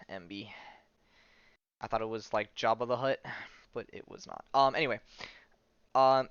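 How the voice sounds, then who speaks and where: Chatty man recapping comics, bright voice. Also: mid-range voice, smooth, dry recording, highs cut off. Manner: chatty, lots of "right?" and "like", laughs a lot. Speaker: podcast host.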